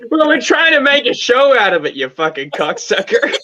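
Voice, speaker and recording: This man rants with lots of swearing and laughter in a casual stream chat. His voice runs high and swings widely. The audio is dry and muffled, like a cheap mic. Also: very animated, moderate pace, sharp tone, slight background noise. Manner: profane, laughing, rowdy.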